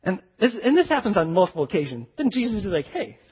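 A male pastor preaching a sermon in a lively, conversational way with frequent asides to the congregation. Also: high voice, quick pace, husky, big-room sound, dull audio.

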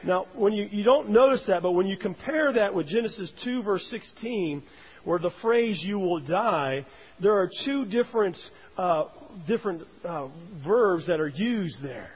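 A man delivering a sermon with a slightly high, breathy voice. He leans hard on key words, then lets his voice sink. The sound is dull and lo-fi, with a long reverb trailing off the hall walls. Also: animated, unhurried. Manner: emphatic, rising and falling for emphasis. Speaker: pastor.

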